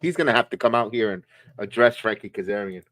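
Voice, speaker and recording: A man's voice: fairly low pitch, expressive, fast talker, a bit bright, no echo. A man co-hosting a live watch-along stream, chatting casually and joking as he reacts to the matches. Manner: chatty, reacting with laughs and jokes.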